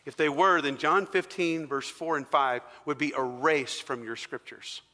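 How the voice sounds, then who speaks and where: A male preacher gives a casual, conversational sermon. His voice sits a little high and rings bright. The sound carries the long reverb of a large church hall. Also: steady tone, unhurried. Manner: conversational, engages the congregation with questions.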